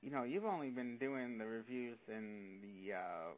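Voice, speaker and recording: A man's voice: medium pitch, measured pace, phone-quality sound. A man calling in to a show, talking in a rambling, hesitant way. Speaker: caller. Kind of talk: casual call-in chat.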